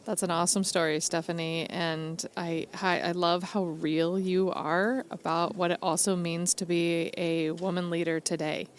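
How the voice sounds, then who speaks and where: Enthusiastic middle-aged woman host, lower-pitched, chatty and upbeat. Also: flat delivery, moderate pace, hardly any pauses, slight background noise. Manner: upbeat and enthusiastic, laughs often. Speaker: interview host. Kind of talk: casual conversational interview.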